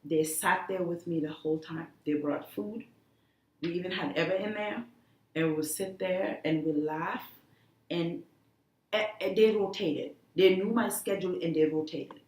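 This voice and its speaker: A woman being interviewed, talking earnestly and haltingly, with many restarts. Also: lowish voice, a little mellow. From The Gambia. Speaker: guest, cancer survivor. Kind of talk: emotional interview talk. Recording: echoey room.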